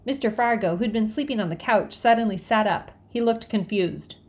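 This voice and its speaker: A woman reading a children's book aloud in a lively, expressive way. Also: mid-range voice, normal speed. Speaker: audiobook reader.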